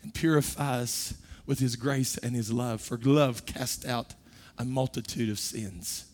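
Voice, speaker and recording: Preaching father, soft to loud. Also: medium pitch, steady tone, a little slow. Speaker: pastor. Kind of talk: sermon.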